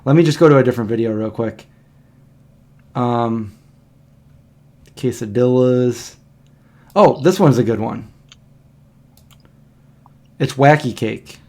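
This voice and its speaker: A man's voice: medium pitch, slow pace, long pauses, darkish tone. A man hosting a casual livestream, chatting and reacting to old videos in a rambling way. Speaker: livestream host.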